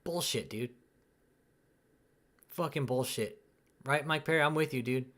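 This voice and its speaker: A man's voice: mid-range voice, unhurried, fairly bright tone. A young man hosting a live stream, ranting angrily with heavy swearing and tagging his lines with "dude" and "man". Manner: angry, profane, repeats "dude" and "man". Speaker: channel host.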